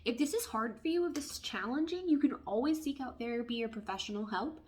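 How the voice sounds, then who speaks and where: A woman giving a casual tarot reading, chatty and expressive, who often drops into hushed asides. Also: fairly high pitch, fast, a little hiss or hum. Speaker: tarot reader.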